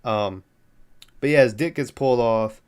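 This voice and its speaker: A man's voice: medium pitch, unhurried, a little mellow, clean tone. Man laughingly recapping a horror film. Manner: rambling, laughing, acting out lines. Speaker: podcast host.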